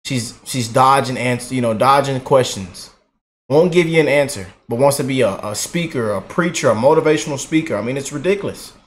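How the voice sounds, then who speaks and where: A man's voice: mid-range voice, a little fast. Exasperated man in casual chat. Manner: exasperated, colloquial. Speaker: co-viewer.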